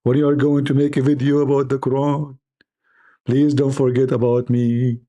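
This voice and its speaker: A man voicing a pet cat that loudly pleads for attention between meows. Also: mid-range voice, little pitch movement, normal speed, natural voice. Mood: pleading. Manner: loud, calling out, mixed with meows.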